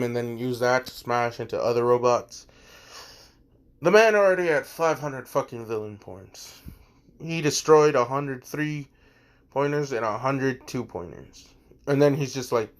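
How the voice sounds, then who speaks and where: Slow, rambling man telling a fan story. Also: medium pitch. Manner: rambling, profane, lots of fillers and asides. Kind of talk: casual retelling of a fan story.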